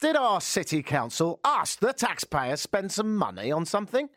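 A man's voice: sits high, sing-song, normal speed, a bit bright, no echo. A man hosting a comic radio talk show from the studio, ranting in a sarcastic, self-mocking way. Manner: sarcastic, self-mocking rants with mimicked chants.

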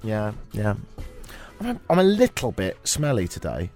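A man's voice: on the low side, huge pitch swings, moderate pace, a little mellow, soft background music. A man with an English accent hosting a radio show in a studio, joking and sarcastic. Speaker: radio host. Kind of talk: casual radio chat. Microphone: studio mic.

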